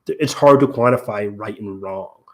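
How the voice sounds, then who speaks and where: At normal speed and in a lowish voice, a man co-hosts a podcast, talking casually. He explains and analyzes at length, regularly stumbling into ums and fixing his own wording.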